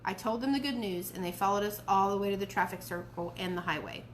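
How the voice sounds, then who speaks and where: A woman reading a children's novel aloud for a library storytime, clear and expressive. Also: mid-range voice, quick pace, slight background noise.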